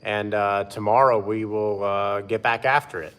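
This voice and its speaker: A man hosting a live stream outdoors, chatting in a relaxed way and greeting viewers by name. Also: lowish voice, normal speed, clear, resonant tone. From Pennsylvania. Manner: laid-back, answers chat by name. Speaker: livestream host. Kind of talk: casual live-stream chat.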